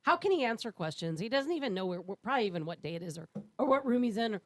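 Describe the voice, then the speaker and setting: A woman, co-hosting a talk radio show with quick, blunt remarks. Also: fairly high pitch, sing-song. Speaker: radio co-host.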